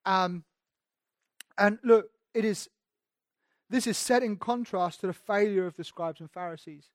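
A man's voice: high voice, moderate pace, no echo, clean studio sound. A man preaching a sermon in a conversational way, building to emphatic rises. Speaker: pastor.

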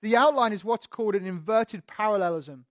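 A man's voice: high voice, a little fast, no room sound, studio quality. A man preaching a sermon in a conversational teaching manner, speaking directly to his listeners.

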